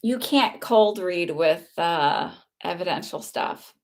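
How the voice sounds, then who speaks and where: A woman doing a live psychic medium reading, chatty and halting, with frequent fillers and laughter. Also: lowish voice, expressive.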